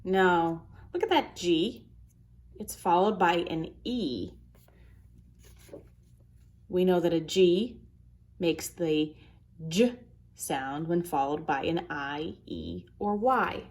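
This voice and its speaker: A woman teaching a phonics lesson to third graders, sounding out letters and words slowly and carefully. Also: fairly low pitch, a little mellow.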